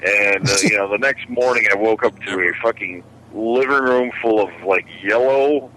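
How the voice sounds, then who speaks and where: Man, low-ish pitch but bright, forceful tone, blunt, light noise behind. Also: normal speed, rough recording. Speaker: show regular. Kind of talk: casual chat.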